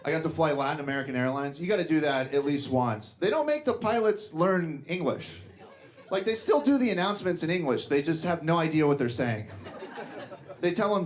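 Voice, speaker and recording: A man's voice: on the high side, expressive, brisk. A young man doing stand-up comedy on stage, talking conversationally with lots of "like". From Colombian parents, raised in the US. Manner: conversational, fillers like "like". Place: comedy stage before a laughing audience.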